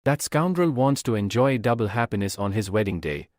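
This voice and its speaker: A confident young male alchemist, voiced by a man in a comic recap, speaking calmly and matter-of-factly with a lively, moving pitch. The recording is dry and close. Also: a little fast, dry recording, natural voice.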